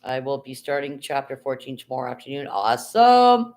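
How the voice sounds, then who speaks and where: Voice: medium pitch, monotone, quick pace, a little mellow. A live streamer in casual chat, rambling and reading viewer comments aloud, talking from bed into a phone held in hand. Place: at home, lying in bed.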